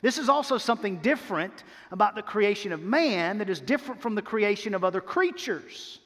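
A man pastor preaching a sermon, emphatic and repetitive, slowing down to stress key words. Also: high-pitched, lively intonation, a bit bright. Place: church sanctuary. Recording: long reverb of a church hall.

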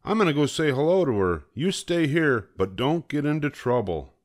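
A man voicing a friendly, cheerful man in a yellow hat in a read-aloud storybook. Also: sing-song, moderate pace. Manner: cheerful, higher than his own voice.

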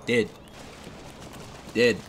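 A man streaming live gameplay, talking casually, excitable and swearing a lot, sometimes making gun-sound noises. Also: extremely slow. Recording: game noise under the voice. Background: loud game sound effects.

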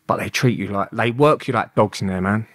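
A young man, speaking in a fairly low voice as a podcast guest. He tells his stories bluntly and swears freely, acting out every exchange. The sound is dry and close. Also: fairly quick, no echo. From London. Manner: animated, acts out quoted exchanges, blunt and sweary. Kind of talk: casual storytelling interview.

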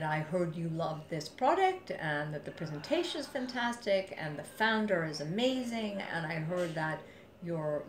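Low-voiced woman telling a story. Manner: animated, quotes others in dialogue, rises to forceful emphasis. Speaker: venture investor telling a story. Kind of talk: storytelling in an interview. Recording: echoey room with faint ambient noise.

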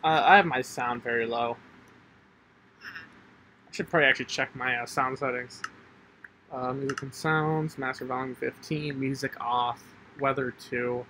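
A man's voice: mid-range voice, fairly even intonation, measured pace, long pauses, sharp tone, slight background noise, rough recording. A man hosting a casual gameplay chat, rambling with lots of fillers, restarts and frequent laughs. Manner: rambling, hesitant, laughs often. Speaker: channel host and player.

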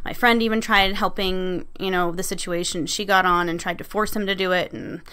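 A woman's voice: on the low side, steady tone, brisk, sharp tone, smooth. A woman vlogger casually telling a story about her vacation, candid and laughing, swearing freely.

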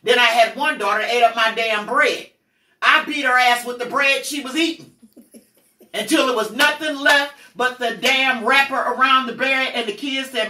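A middle-aged woman telling personal stories in a blunt, profane, animated way as the host of a candid talk. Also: on the high side, moderate pace. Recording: roomy echo, mic at a distance.

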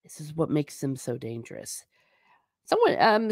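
A woman's voice: fairly high pitch, sing-song, a little slow, fairly bright tone, no room sound, studio quality. A woman hosting a casual livestream, talking through a topic and answering viewer comments, sometimes slipping into a stern teacher tone. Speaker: livestream host.

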